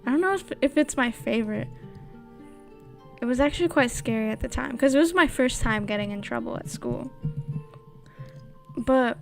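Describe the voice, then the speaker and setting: Woman, casual stream chat, giggly, slightly high voice, faint background music. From United States. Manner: giggly, chatty, reads chat questions aloud. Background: quiet background game music.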